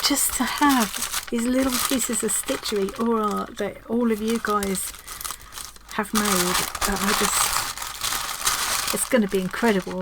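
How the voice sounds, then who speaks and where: A woman vlogger chatting casually at home as she opens a craft swap parcel, gushing and excitable, with frequent restarts. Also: medium pitch, noisy background. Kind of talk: casual unboxing chat.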